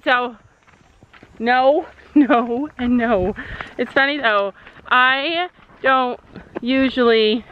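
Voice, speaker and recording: Woman, casual vlog chat, fairly high voice, slightly dull sound, faint noise. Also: a bit bright. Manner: chatty, talks to horses in a soothing voice. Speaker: vlogger. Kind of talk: casual vlog talk to camera. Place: horse barn and trailer, outdoors.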